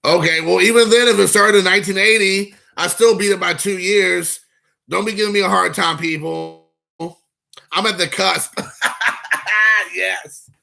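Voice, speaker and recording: A man's voice: sits high, fairly even intonation, normal speed, creaky, long pauses, pushed and bright, soft background music. A man, hosting a rambling, joking live stream and chatting with viewers. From Kentucky. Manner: rambling, joking, reading chat aloud.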